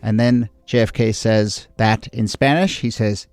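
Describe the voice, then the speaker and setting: A man's voice: fairly low pitch, steady tone, darkish tone, smooth, no echo, studio quality. A man hosting a history podcast in casual, playful chat, joking and laughing with his co-hosts. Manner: jokey, playful, quick to laugh. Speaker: host.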